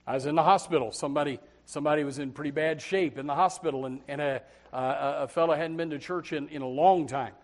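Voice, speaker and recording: A man preaches a sermon in a high, lifted voice. He drops into quiet, low asides, then climbs into loud pleading. He often doubles his words as he starts a phrase. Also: fast talker, hardly any pauses. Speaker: Baptist preacher.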